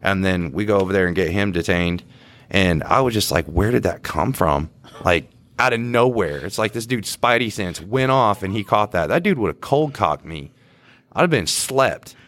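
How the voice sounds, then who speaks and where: Brief: man, very deep voice, relaxed slangy cop storyteller. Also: normal speed, no room sound. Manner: casual, slangy. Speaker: podcast co-host and police officer. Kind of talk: casual storytelling chat.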